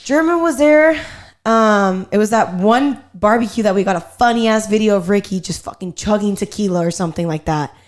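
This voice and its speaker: A young woman hosting a podcast, telling a family story in a casual, animated way and swearing freely. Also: medium pitch, fairly quick. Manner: animated, profane storyteller, quotes herself and others. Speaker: podcast host.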